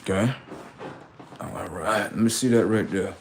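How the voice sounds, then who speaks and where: A man's voice: on the low side, unhurried, a little mellow, a little hiss or hum. A man streaming live, rambling through commentary and stories and checking in with "right?" often.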